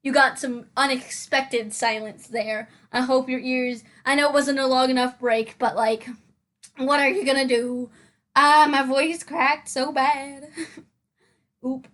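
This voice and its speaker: A woman's voice: sits high, steady tone, slow, fairly bright tone. A young woman hosting a game-building video, chatting casually in a rambling, giggly way with lots of fillers and restarts. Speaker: Sims building channel host. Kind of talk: casual voice-over chat.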